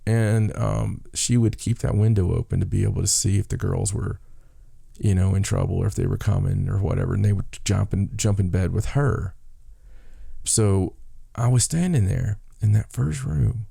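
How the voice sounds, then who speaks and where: A man's voice: sits low, moderate pace, gravelly, warm tone, slightly rough, no echo, studio quality. A man co-hosting a podcast, telling stories in a rambling casual way, repeating and restarting words. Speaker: podcast co-host. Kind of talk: casual chat, storytelling.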